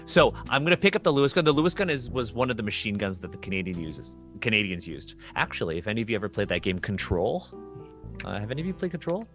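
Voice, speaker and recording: A man describing his turn in a tabletop role-playing game, his voice bright and forceful. His pitch swings widely as he gets excited, laughing and tossing in quick asides. Soft music plays behind him. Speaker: player. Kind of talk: narrating a tabletop game move.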